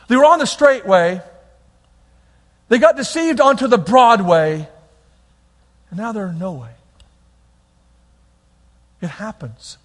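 High-voiced preacher in an echoing hall. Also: male voice, unhurried, pauses often. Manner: animated, swings between loud bursts and quiet, near-whispered lines. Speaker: pastor. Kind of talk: sermon.

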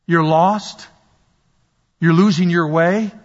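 A man's voice: a little high, steady tone, slow. A man preaching a sermon with passion, repeating his points and acting out the voices of the people he describes. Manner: impassioned, repetitive preaching, acts out quoted voices. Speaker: pastor. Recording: dull lo-fi sound with long hall reverb.

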